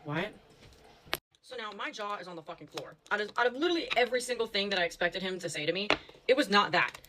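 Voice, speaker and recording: A woman's voice: mid-range voice, expressive, racing, background noise. A young woman telling a story to her viewers in a casual, chatty way, full of fillers and swearing.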